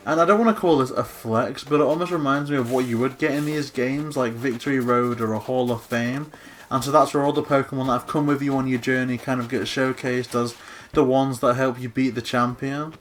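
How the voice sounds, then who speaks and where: A man co-hosting a video, giving excited game commentary with gushing exclamations and gasps. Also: medium pitch, brisk, slight background noise. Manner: gushing, gasping, breathless exclamations. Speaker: co-host touring a game island.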